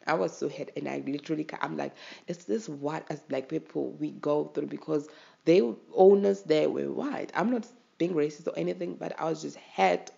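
A South African host talks straight to listeners in a casual podcast monologue, emotional and pressing. The voice carries heavy vocal fry. The recording sounds dull and lo-fi. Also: medium pitch, moderate pace, mellow. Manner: emotional and impassioned, urging listeners.

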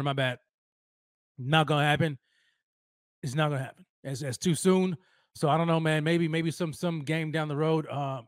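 Excitable slangy man hosting a sports stream. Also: fairly high pitch, no echo, clean studio sound. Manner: excitable, slangy, repeats phrases. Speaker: sports podcast host. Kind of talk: live-stream sports talk.

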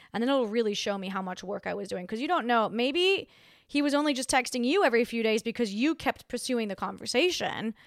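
Young female podcast host, higher voice, dry close mic, sassy and blunt casual advice. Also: animated, brisk, no echo.

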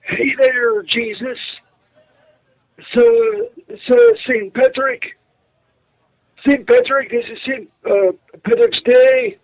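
A man voicing a rambling, tipsy Saint Patrick in a halting, slurred voicemail. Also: very high voice, lively intonation, lo-fi sound, full character voice.

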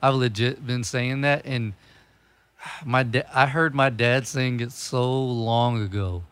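Bright-voiced young man, profane and rambling. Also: medium pitch, fairly even intonation, slow pace, clean tone, no room sound. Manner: profane, laughs often, rambling storytelling. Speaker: podcast host. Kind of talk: casual chat.

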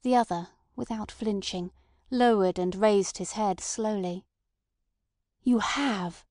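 A woman narrating a classic novel in a measured literary reading. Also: mid-range voice, mellow, dry recording, clean studio sound. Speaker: audiobook narrator. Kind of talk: scripted narration.

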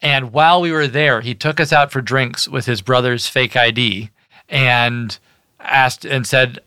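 Brief: young man, podcast co-host, teasing storyteller, bright tone, dry sound. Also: mid-range voice, steady tone, unhurried, smooth, no echo. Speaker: band member co-hosting a podcast. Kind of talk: casual chat.

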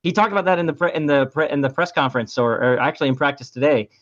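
A man who runs a hockey blog, guesting on a podcast, talking in rapid rambling bursts with many restarts. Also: a little high, a bit bright, no echo, highs cut off. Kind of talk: casual interview chat.

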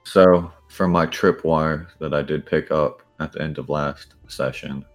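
Very deep, flat-voiced man player. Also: unhurried, soft background music. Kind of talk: playing a tabletop game.

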